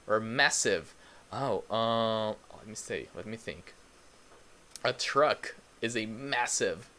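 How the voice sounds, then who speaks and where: A man's voice: lowish voice, fairly bright tone. A man teaching English in a live online lesson, patiently repeating words for learners and greeting viewers in the chat.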